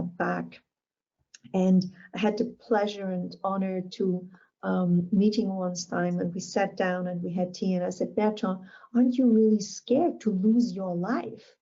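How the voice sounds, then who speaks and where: A woman's voice: mid-range voice, mellow, highs cut off. A woman giving a motivational keynote talk, emphatic and repeating her key phrases. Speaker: motivational speaker.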